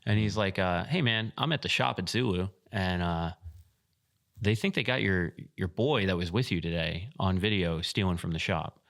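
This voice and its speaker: Deep-voiced man telling a story. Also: moderate pace. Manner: profane, animated retelling. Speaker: podcast co-host, field staff. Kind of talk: casual storytelling chat.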